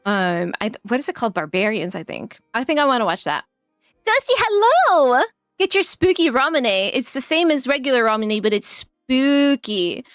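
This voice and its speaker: A fairly high-voiced woman streamer who chats casually with her viewers, giggling a lot and rambling through her fillers. The sound is close and dry, with faint music playing underneath. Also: animated, normal speed, few pauses, fairly bright tone, clean tone, dry recording. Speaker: live streamer. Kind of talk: casual live-stream chat.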